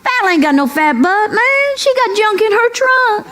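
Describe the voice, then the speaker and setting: A woman's voice: very high-pitched, very animated, unhurried. A middle-aged woman doing a folksy, sassy stand-up routine, calling the crowd "girls" and asking for amens. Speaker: stand-up comedian. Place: comedy club stage. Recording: live stand-up with crowd noise. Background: audience laughter and room noise.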